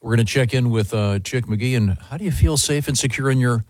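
A man hosting a radio show, speaking haltingly with many fillers. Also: mid-range voice, a little mellow, dry recording, studio quality.

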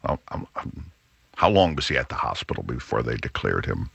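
A man's voice: rumbling low, big pitch swings, normal speed, vocal fry, fairly bright tone, breathy edge, no room sound. A middle-aged man hosting a radio talk show, rambling casually with frequent restarts.

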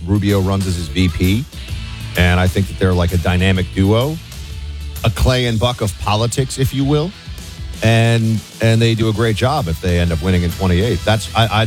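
A man hosting a talk radio show, taking calls in a loose, conversational way with plenty of fillers. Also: lowish voice.

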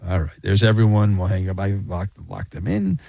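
A man's voice: lowish voice, very animated, a little fast, vocal fry, mellow, no echo, studio quality. A man hosting a call-in sports radio show, bantering playfully with callers. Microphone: studio microphone.

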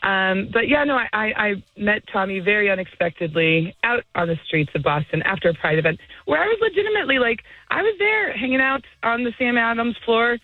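A woman's voice: fairly high pitch, big pitch swings, a little fast, few pauses, no room sound. Middle-aged woman on a tinny phone line. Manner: rambling, laughing, lots of fillers. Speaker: guest. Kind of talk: casual interview over the phone.

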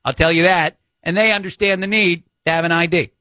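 Talk radio fill-in host, Jersey man, slightly high voice, opinionated and chatty. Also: steady tone, fairly quick, bright, forceful tone, no room sound. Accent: New Jersey. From New Jersey. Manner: opinionated, chatty, with many fillers.

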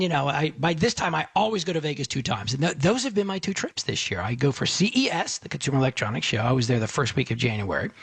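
High-voiced gravelly radio host. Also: male voice, fairly bright tone, no echo. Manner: chatty, rambling with restarts. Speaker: radio talk show host. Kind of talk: casual talk radio chat. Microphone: studio microphone.

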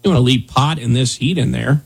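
A man's voice: medium pitch, a little fast, gravelly, a little mellow, husky. A man hosting a talk show, chatting loosely and rambling with lots of "dude" and "man". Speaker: radio show host. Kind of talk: casual talk radio banter.

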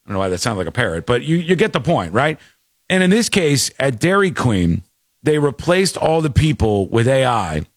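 Lively male talk radio host, dry close mic, casual banter with impressions. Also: medium pitch, moderate pace, no echo. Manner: animated, mimics voices while telling stories.

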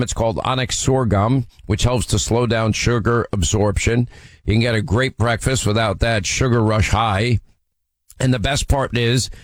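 A man's voice: mid-range voice, no room sound. A man hosting a talk radio show, reading ads and chatting casually with many ums and restarts. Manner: rambling, with frequent ums and restarts.

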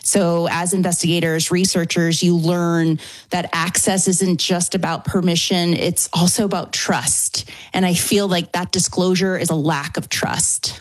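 A woman's voice: lowish voice, a little slow. A woman from New Orleans with a New Orleans accent, a paranormal investigator answering questions as a talk show guest. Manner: warm, animated, laughs easily.

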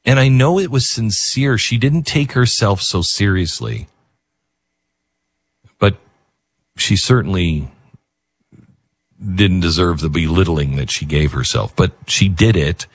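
A male talk show host talks with a husky, somewhat low voice that rises and falls widely. He rambles and gets emotional, restarting his sentences. The sound is dry and close on a studio mic. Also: lively intonation, a little slow, long pauses, dry recording. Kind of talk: casual talk radio commentary.

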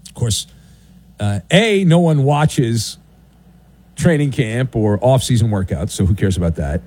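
A man's voice: medium pitch, expressive, measured pace, a little mellow. A man hosting a sports talk radio show in a studio, delivering a sardonic, theatrical monologue with swooping announcer flourishes. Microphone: studio broadcast mic.

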